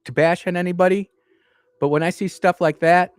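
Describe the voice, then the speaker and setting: A man's voice: high-pitched, fairly even intonation, a little fast, clean tone, no room sound. A man hosting a talk radio show from a studio, speaking with passion and often repeating himself or restarting sentences. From Mississippi.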